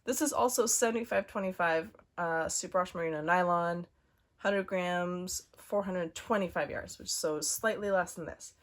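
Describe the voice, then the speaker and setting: A woman's voice: on the low side, normal speed. Female knitting podcast host, 30s, bubbly and conversational. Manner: chatty and bubbly, many fillers and asides. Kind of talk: casual show-and-tell chat.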